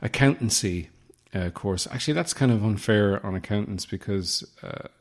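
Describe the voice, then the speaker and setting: A man hosting his own comedy podcast, rambling through deadpan absurd asides close to the mic. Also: lowish voice, moderate pace, vocal fry. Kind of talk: solo comedic podcast monologue. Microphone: close podcast microphone.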